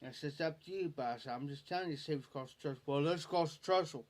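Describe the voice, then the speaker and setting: Telling a folksy tale on his late-night stream, an Ohio livestreamer with a rural accent laughs as he goes along. He speaks quickly, and his voice is on the high side.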